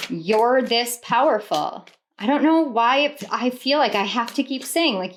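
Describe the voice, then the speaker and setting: Woman doing a tarot reading, kinda high voice, rambles and repeats stuff, chatty. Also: animated, normal speed. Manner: earnest, rambling, repeats herself, laughs often. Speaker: tarot reader. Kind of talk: casual tarot reading to camera.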